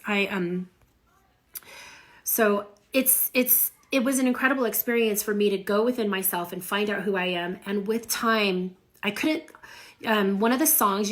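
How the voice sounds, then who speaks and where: A middle-aged woman chats on a livestream from home, speaking to her viewers through a phone. She tells stories in a lively, animated way, with a voice of ordinary pitch for a woman. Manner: chatty, animated storytelling. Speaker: livestream host. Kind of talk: casual live chat.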